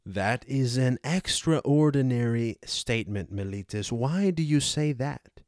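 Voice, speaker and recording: Old philosopher guy grilling his accuser, ironic, mid-pitched, dry close sound, read by a man. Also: lively intonation, unhurried, a little mellow, no echo, close to an everyday voice. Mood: indignant. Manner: rhetorical, cross-examining. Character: aged male philosopher, ironic and probing. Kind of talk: dramatized audiobook reading.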